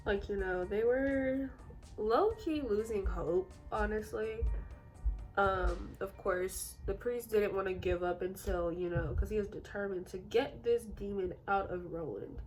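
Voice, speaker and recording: A woman's voice: mid-range voice, low-quality recording. A young woman casually telling a true story while doing her makeup, chatty and full of fillers. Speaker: beauty vlogger telling a true-crime story.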